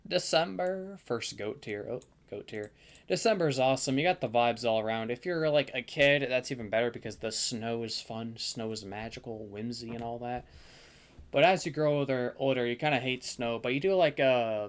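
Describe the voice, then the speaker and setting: A young man casually ranking the months of the year in a tier list, rambling and thinking aloud with lots of fillers. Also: mid-range voice. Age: young adult.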